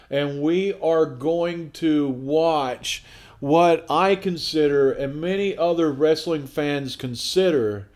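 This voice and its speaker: A man's voice: on the high side, darkish tone. A man hosting a casual home podcast, playful and rambling, laughing at his own jokes. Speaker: podcast host. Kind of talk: casual family chat.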